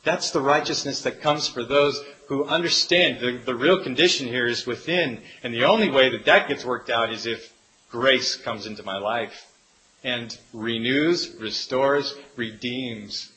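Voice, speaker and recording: A man's voice: medium pitch, unhurried, a little hiss or hum, rough recording. Earnest man preaching a sermon. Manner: earnest, rises and falls from hushed to emphatic. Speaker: pastor.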